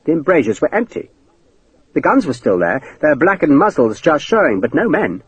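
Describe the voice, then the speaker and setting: A man narrating an audiobook in a dramatic, expressive way. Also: on the high side, moderate pace, lo-fi sound. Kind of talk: scripted narration.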